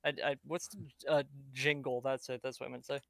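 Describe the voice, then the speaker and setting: A man's voice: medium pitch, level tone, quick pace, creaky, a bit bright, no room sound. A man playing in a tabletop game, chatting casually and asking lots of questions. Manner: curious, questioning. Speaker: player.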